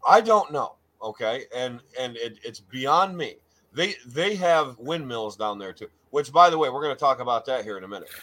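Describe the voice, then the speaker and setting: A man's voice: mid-range voice, lively intonation, moderate pace, fairly bright tone, low-quality recording. Man, show host, casual chat, playful mock-grand intros, stammers and repeats. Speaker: podcast host.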